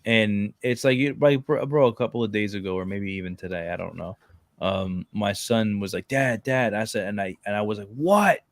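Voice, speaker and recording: A man in his thirties hosting a casual faith podcast, an animated storyteller who keeps saying "yo" and "bro". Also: lowish voice, brisk, dry recording, studio quality. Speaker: podcast host.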